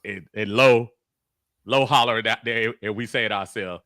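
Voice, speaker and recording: A man's voice: fairly low pitch, moderate pace, sharp tone, dry recording, studio quality. A man co-hosting a casual sports talk show, rambling with many restarts and laughing easily. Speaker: co-host.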